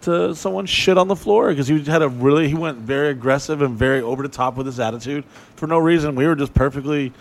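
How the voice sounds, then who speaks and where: A man's voice: fairly high pitch, quick pace, hardly any pauses. A man telling blunt, profane stories from touring in a casual conversation. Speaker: touring show host. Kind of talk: raunchy casual storytelling.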